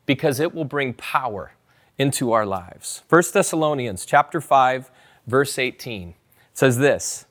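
A man's voice: medium pitch, lively intonation, a little slow, fairly bright tone. A man preaching a sermon as pastor, talking conversationally and urging his listeners to join in and repeat scripture aloud. He is a parent. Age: adult parent.

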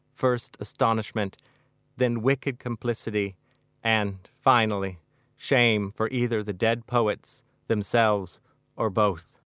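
A middle-aged man, the author, reading his own novel aloud in a measured, wry narration. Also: on the low side, fairly bright tone, clear, resonant tone, dry recording, studio quality.

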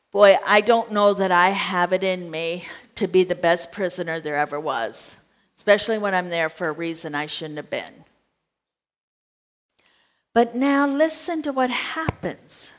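A woman's voice: fairly low pitch, expressive, a little slow. A woman preaching a sermon, telling a scripture story with drama and asking the congregation direct questions.

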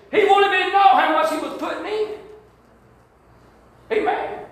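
High-voiced Southern preacher man, fervent. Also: very animated, moderate pace. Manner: fervent preaching, rising to shouts and calling out to the congregation. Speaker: pastor. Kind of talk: sermon. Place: church sanctuary. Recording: roomy echo of a church hall.

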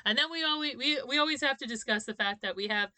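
A woman with a bright, forward voice lays out details of a show in a measured, explaining way, laughing now and then. The sound is close and dry, with no room echo. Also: high-pitched. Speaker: podcast co-host. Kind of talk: casual fan chat about an anime.

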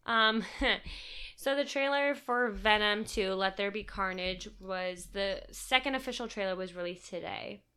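A young woman co-hosting a casual podcast in a bright, clear voice. She rambles from thought to thought and pokes fun at herself as she talks. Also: mid-range voice, a little slow. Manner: rambling, chatty, self-deprecating. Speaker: podcast co-host. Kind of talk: casual chat.

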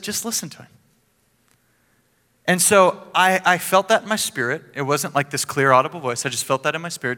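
A male pastor delivers a sermon as a lively personal story, breaking into laughs and playful asides. His voice is bright and forceful and sits a little high. The sound carries a long reverb, as in a church hall.

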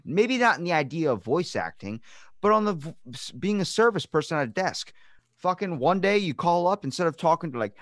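A man's voice: on the high side, big pitch swings, brisk, no room sound, clean studio sound. A man hosting a podcast in casual chat, rambling onto tangents and swearing freely. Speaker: podcast host.

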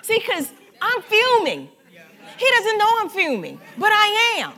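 A woman pastor preaching a sermon in an animated, conversational way, joking with and speaking directly to her congregation. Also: very high-pitched, measured pace, a faint crowd. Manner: animated, conversational preaching with humor and audience address.

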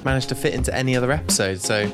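A man's voice: mid-range voice, very fast, music in the background. A man co-hosting a comedy podcast with his wife, joking and teasing in casual banter. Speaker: podcast co-host.

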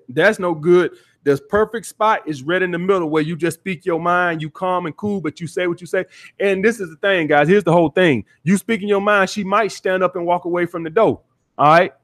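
A man hosting a call-in dating podcast, his voice sitting a little higher than most men's. He talks bluntly and profanely, lecturing his listeners and leaning on "all right" over and over. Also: fairly quick, a bit bright. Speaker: podcast host, dating coach. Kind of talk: call-in podcast advice rant.

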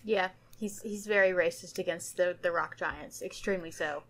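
A woman co-hosting a casual podcast, making emphatic, drawn-out remarks. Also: on the low side, a bit bright. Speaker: podcast co-host. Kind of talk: casual review chat.

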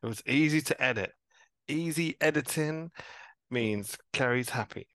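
A man, co-hosting a podcast in a relaxed, teasing way. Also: medium pitch, dry recording. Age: 30s. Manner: laid-back, teasing, quick to laugh. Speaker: podcast co-host. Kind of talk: casual podcast chat.

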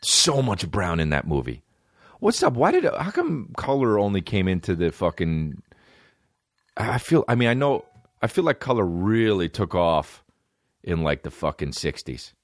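Male podcast host, low-pitched, swears a lot, rambles through comic rants, dry sound. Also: a little slow, no echo. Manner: profane, rambling, animated rants. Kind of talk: rambling comedic monologue.

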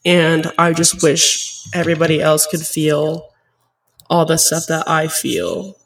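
A woman's voice: low voice, little pitch movement, slow pace. Twenties woman, solo podcast host, teary and choked up, chatty filler-heavy ramble, slightly distant mic. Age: 20s. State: tearful, choked up. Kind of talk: casual solo podcast talk.

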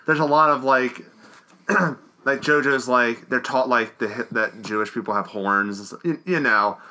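Man co-host, rambling movie recaps with frequent throat-clearing and a sharp, bright tone. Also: mid-range voice, measured pace. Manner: rambling, full of "like", keeps clearing his throat. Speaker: podcast co-host. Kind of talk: casual movie review chat.

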